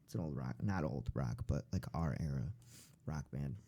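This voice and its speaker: A man's voice: rumbling low, normal speed. Easygoing podcast host man, swears freely. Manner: loose, swears freely, animated. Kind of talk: casual chat.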